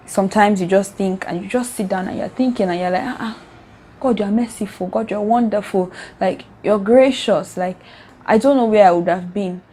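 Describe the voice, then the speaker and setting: A woman's voice: mid-range voice, mellow, slight background noise. Young Nigerian-accented woman, vlogger, earnest and emotional, mid-range voice. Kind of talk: casual reflective vlog.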